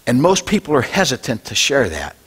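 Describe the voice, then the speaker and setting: A male pastor preaching a Sunday sermon, swinging between loud declarations and low, quiet lines. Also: wildly swooping pitch, a little fast, breathy edge. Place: church sanctuary.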